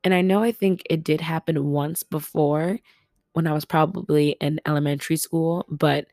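Low-voiced chatty woman podcaster. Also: fairly even intonation, normal speed, no room sound, clean studio sound. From Los Angeles. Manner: chatty, laughs often, exclaims loudly. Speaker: podcast host. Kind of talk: casual solo podcast chat. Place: family home.

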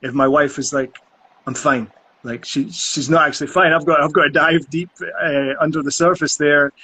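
A man's voice: on the high side, steady tone, fairly quick, sharp tone, husky. A man in casual conversation who talks earnestly about acting and often repeats words while he thinks.

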